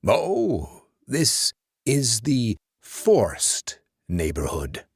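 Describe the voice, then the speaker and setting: Man doing a slow, gracious old grandfather. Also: mid-range voice, huge pitch swings, vocal fry, husky, no echo, clean studio sound, heavily acted. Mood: courteous. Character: courteous old German-speaking grandfather.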